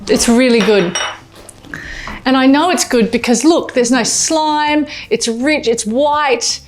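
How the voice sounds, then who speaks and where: An Australian woman with a high-pitched voice speaks slowly while hosting a casual home-kitchen cooking demonstration. Chatty and enthusiastic, she often exclaims; the background is noisy, with music underneath.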